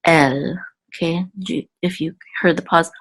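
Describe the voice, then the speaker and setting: A woman teaching a reading lesson, patiently repeating and slowly sounding out each word. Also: on the low side, steady tone, fairly bright tone. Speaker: Hebrew teacher. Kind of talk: explaining a reading lesson to camera.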